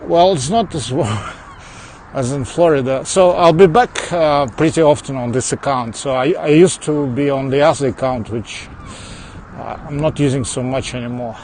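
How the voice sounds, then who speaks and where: Here a livestreamer ambles through the suburbs, holding his phone and talking easily back to viewers. His English carries a mixed foreign accent, his pitch sits in the middle, and he moves at a moderate, slightly mellow pace with small laughs and restarts, while traffic and outdoor sound run clearly behind.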